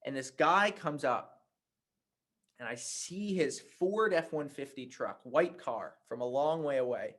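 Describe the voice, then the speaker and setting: A man teaching a writing workshop, telling a personal anecdote in a conversational, animated way. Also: medium pitch, unhurried. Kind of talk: workshop talk with storytelling.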